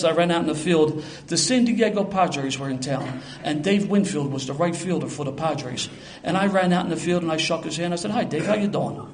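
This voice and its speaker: An older man with a Philadelphia accent tells a streetwise, self-mocking story to a live audience at a quick clip. His voice sits a little high for a man, and faint noise runs behind him.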